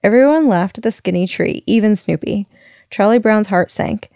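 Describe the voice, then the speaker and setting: A woman reading a picture book aloud in a lively way, chuckling now and then. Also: medium pitch, normal speed, vocal fry, dry recording, studio quality. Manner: lively, chuckles as she reads. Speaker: storyteller.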